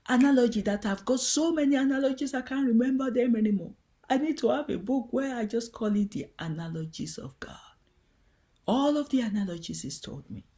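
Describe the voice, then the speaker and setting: A woman giving a devotional teaching talk in a gentle, earnest and heartfelt way. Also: fairly high pitch. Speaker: Christian teacher.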